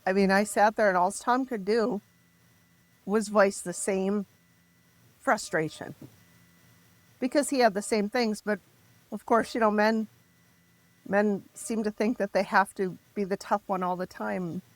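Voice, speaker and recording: A middle-aged woman telling her story as a podcast guest, raw and emotional, halting and restarting as she speaks. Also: medium pitch, steady tone, no echo. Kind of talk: candid personal storytelling.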